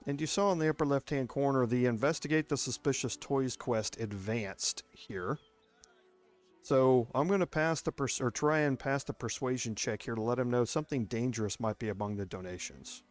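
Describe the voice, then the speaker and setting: A man's voice: mid-range voice, normal speed. A man with a Texas accent giving casual, step-by-step commentary while playing a video game. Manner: chatty, explains step by step. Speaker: gameplay streamer.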